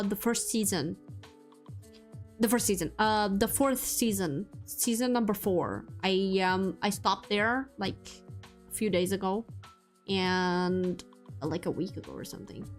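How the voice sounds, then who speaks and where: A woman's voice: medium pitch, a little slow. Young woman streamer rambling at her chat, lots of ums and likes, faint music underneath. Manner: chatty, rambling, many fillers and restarts. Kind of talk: casual chat with viewers.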